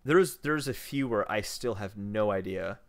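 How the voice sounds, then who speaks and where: A man's voice: on the low side, animated, measured pace. A young man co-hosting a gaming podcast, chatting casually in an easygoing way and laughing often. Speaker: podcast co-host.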